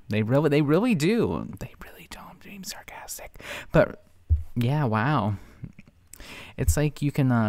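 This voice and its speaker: A man's voice: lowish voice, dry recording. A man hosting a reaction channel, talking in a blunt, sarcastic, scolding way. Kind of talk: reaction commentary.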